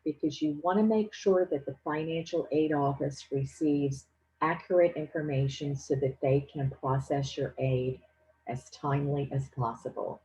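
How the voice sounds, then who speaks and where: Low-voiced woman explaining step by step. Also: fairly even intonation, normal speed, dark tone, rough recording. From Louisiana. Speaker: financial aid presenter. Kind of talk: instructional presentation.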